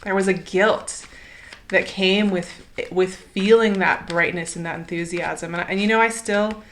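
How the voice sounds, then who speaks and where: A woman's voice: mid-range voice, steady tone, unhurried, a little hiss or hum. A woman giving a casual, encouraging tarot reading, chatty and enthusiastic, often laughing and asking "right?". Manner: chatty, warm and encouraging, many "like" and "right?" fillers. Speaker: tarot reader.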